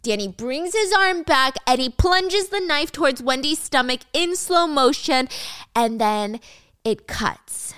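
A young woman narrating a casual drama recap in a chatty, animated storytelling way. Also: high-pitched, a little slow, no echo, clean studio sound.

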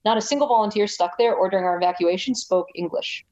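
American woman guest, rapid chatty storyteller, lo-fi dull recording. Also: medium pitch. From United States. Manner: rapid, animated, chatty with many restarts. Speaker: guest, ultrarunner. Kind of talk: casual interview storytelling.

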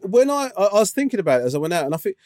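A man's voice: sits high, big pitch swings, racing, darkish tone, dry recording, studio quality. A man co-hosting a podcast, chatting casually and telling a rambling story full of fillers. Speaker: podcast co-host. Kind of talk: casual chat.

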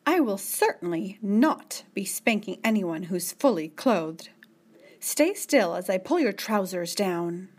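A woman voicing a stern, commanding middle-aged woman who speaks in brisk, scolding orders. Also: medium pitch, lively intonation, a little mellow.

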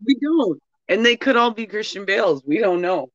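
A woman guest on a podcast in casual chat, making slow, wry, playful asides. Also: mid-range voice, animated, no echo. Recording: dull, dry lo-fi sound.

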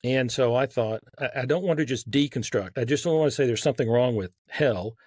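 A man's voice: medium pitch, brisk, darkish tone, dry recording. A man with a light Southern accent, a podcast guest explaining his argument earnestly, with frequent restarts. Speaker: guest author. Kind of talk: casual podcast conversation.

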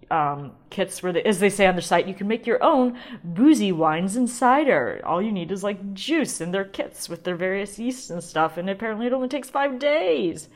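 A woman hosting a casual solo podcast, chatty and rambling, often restarting and laughing. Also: lowish voice. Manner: chatty, rambling, self-interrupting with frequent ums and laughs. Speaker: podcast host.

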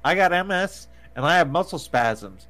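A man's voice: a little high, expressive, moderate pace, a bit bright. A man co-hosting a podcast in casual banter, laughing often and swearing freely as he rants. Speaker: podcast co-host. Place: podcast recording.

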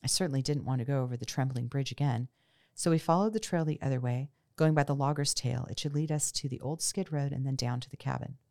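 A woman host reads a memoir in a steady storytelling way, her voice sitting low with a rough, gravelly edge. The sound is dry, with no room echo. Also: fast. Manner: steady storytelling with casual unscripted sign-off. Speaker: podcast host. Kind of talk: reading a memoir aloud.

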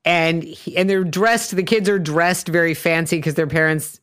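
Smooth-voiced woman retelling a film. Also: on the low side, normal speed. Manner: lively storytelling with casual swearing. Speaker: podcast co-host. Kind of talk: casual chat, retelling a film.

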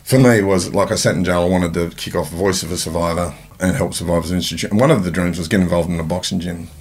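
A man's voice: deep voice, steady tone, fast, husky. An Australian man hosting a podcast, eager and rambling as he talks. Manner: eager, rambling, frequent yeahs. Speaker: podcast host. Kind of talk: casual podcast chat.

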